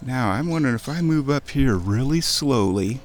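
A man narrating a nature walk by a wooded creek in an excited, chatty way, talking to himself as he films. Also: medium pitch, normal speed, soft background music. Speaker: nature vlogger. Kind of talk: casual outdoor narration. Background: birdsong.

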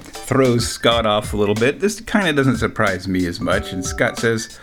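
A man's voice: lowish voice, normal speed, faint music behind. Chuckling man telling a story. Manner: relaxed, chuckles often between lines. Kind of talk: storytelling anecdote.

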